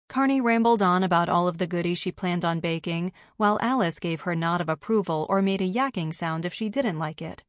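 A woman narrating an audiobook in an even, conversational storytelling manner. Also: fairly low pitch, a little fast, few pauses, no room sound, clean studio sound. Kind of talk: scripted narration.

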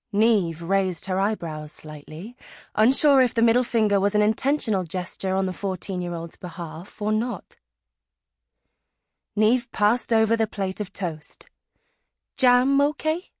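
Calm woman narrating an audiobook. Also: medium pitch, no room sound, studio quality. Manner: calm, even storytelling. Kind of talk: scripted narration. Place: dry recording booth. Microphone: close studio mic.

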